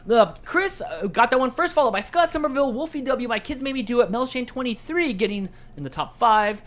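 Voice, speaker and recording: A man's voice: very high voice, lively intonation, a little fast, fairly bright tone. A man hosting a casual live-streamed trivia game show from home, playful and jokey, easily sidetracked.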